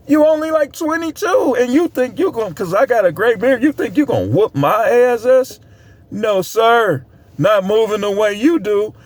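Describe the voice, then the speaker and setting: A man's voice: sits high, lively intonation, normal speed, dry recording. Blunt, preachy middle-aged man. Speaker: vlogger. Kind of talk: casual monologue.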